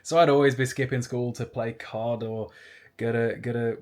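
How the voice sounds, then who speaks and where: A man's voice: mid-range voice, fairly even intonation, moderate pace. A man in his twenties chatting casually to camera, telling rambling anecdotes with side remarks. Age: 20s. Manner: rambling, anecdotal storytelling with asides. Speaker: YouTuber. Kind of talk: casual vlog chat.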